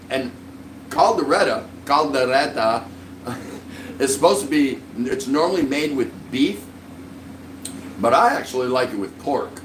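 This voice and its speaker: A man's voice: mid-range voice, echoey room, far from the mic, a little hiss or hum, poor audio. A man hosting a casual live-stream vlog, rambling in a friendly way and greeting viewers by name. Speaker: livestream vlog host.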